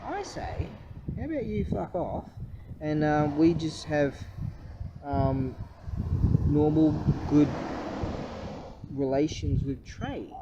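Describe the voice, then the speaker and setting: Man vlogger, slightly high voice, scornful profane rambling rant, loud vehicle noise behind. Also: expressive, takes it slowly, long pauses, muffled recording. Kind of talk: casual political rant.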